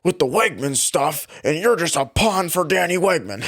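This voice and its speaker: A man's voice: fairly high pitch, normal speed, dry recording, clean studio sound. A young man co-hosting a podcast, telling retail work stories in casual chat, laughing often and acting out customers. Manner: laughing, animated, acts out customers' voices. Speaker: podcast co-host.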